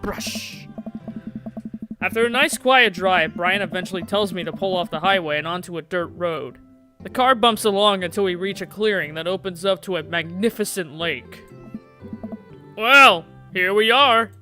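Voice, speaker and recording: High, bright male streamer reading a game aloud, jokey asides, faint music underneath. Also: moderate pace. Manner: playful, laughs at his own slips.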